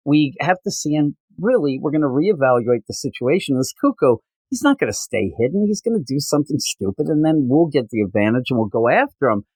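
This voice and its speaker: A man's voice: a little high, big pitch swings, a little fast, few pauses, darkish tone, no echo. A man co-hosting a podcast, casually retelling comic book scenes and acting out the characters' lines. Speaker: podcast co-host.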